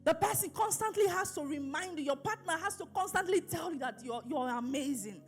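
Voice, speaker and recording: A woman's voice: extremely high pitch, expressive, fairly quick, soft background music. A woman pastor preaching an emphatic sermon, repeating phrases and asking her listeners questions.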